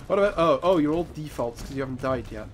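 A man's voice: on the high side, animated, fast talker, slight background noise. A man with a congested, nasal voice from a cold, giving chatty gameplay commentary and exclaiming at mishaps. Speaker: gaming YouTuber.

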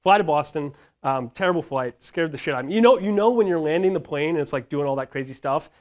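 Storytelling man with a higher voice. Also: quick pace. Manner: lively storytelling, acts out quoted people, frequent ums and swearing. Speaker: founder speaking to startup founders. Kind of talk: storytelling conference talk.

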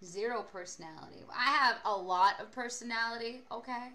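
Young woman streamer, bright and a bit high, playful and profane banter. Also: brisk, hardly any pauses. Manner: playful, teasing, swears a lot. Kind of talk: casual gaming stream chat.

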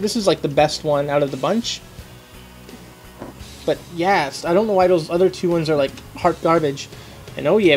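Young male vlogger, high voice, chatty and casual, reads card text aloud, faint music underneath. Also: a little mellow. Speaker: youtuber unboxing trading cards. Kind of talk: casual unboxing vlog.

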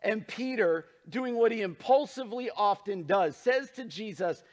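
A man preaching a sermon as pastor, earnest and emphatic, dropping low and soft when he turns to scripture. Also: expressive, normal speed.

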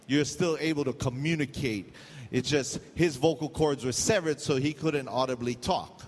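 A man's voice: mid-range voice, normal speed, in a large hall. A middle-aged man from Hawaii with a Hawaiian accent, preaching a sermon, telling stories with jokes and slipping into pidgin. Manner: storytelling, jokey, loose pidgin asides. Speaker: pastor.

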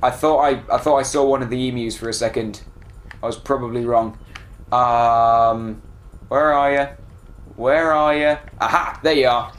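A man giving casual, excitable commentary while playing a video game and talking back to it. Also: medium pitch, normal speed, slight background noise. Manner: chatty, excitable, self-deprecating, talks to the game. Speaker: let's play gamer.

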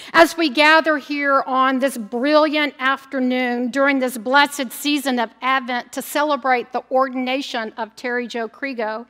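A woman preaching at an ordination service, telling a light story and then speaking to the congregation. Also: sits high. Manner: warm storytelling with a gentle joke. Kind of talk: ordination sermon. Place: church sanctuary. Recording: church sanctuary with long reverb.

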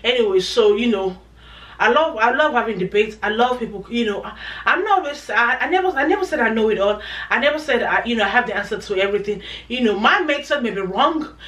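A woman's voice: a little high, lively intonation, fast, a bit bright. A woman talks straight to her viewers in a chatty, emphatic way and circles back to repeat her points. Her voice sits some distance from the mic. A noticeable room echo surrounds every word. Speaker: vlogger. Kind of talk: casual chat to camera.

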